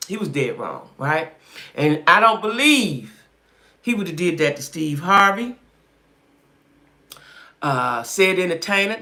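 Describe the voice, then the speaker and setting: A woman chatting on a live stream with a bright, forceful edge to her voice. Her pitch swings widely as she talks. She hammers points home by repeating them and breaks off to answer viewers' comments. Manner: emphatic, repeats herself, reads comments aloud. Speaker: livestream host.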